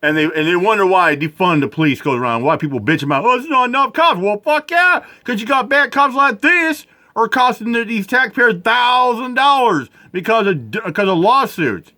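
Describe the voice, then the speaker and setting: Angry male reaction commentator, high lively voice, bright edge, profane and rambling. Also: normal speed, hardly any pauses. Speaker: commentator reacting to news footage.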